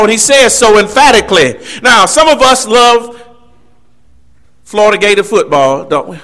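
The preacher's high-pitched, ringing voice carries a sing-song quality as he delivers his sermon with emphasis at a moderate pace. He varies his delivery up and down, throwing in asides to the congregation, and sounds a bit bright.

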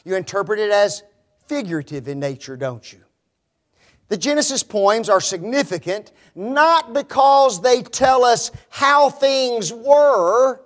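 Man, high-pitched voice, sermon, emphatic, rhetorical questions, sarcastic. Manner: emphatic, rhetorical questions to the audience, mocking quoted phrases. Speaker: preacher.

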